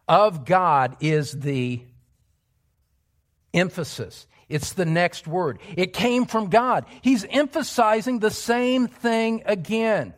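Emphatic preacher swinging hushed to loud. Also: male voice, on the high side. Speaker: pastor. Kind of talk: expository sermon. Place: church.

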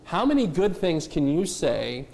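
Emphatic high-voiced male pastor preaching. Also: sing-song, unhurried, vocal fry, a little mellow. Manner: emphatic, rhetorical questions to the congregation; addresses kids and adults directly. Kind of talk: sermon.

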